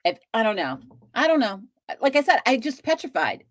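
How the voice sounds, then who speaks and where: A woman's voice: on the high side, sing-song, brisk, dry recording. A woman hosting a live stream, chatting casually with viewers, talkative and swearing freely as she rambles.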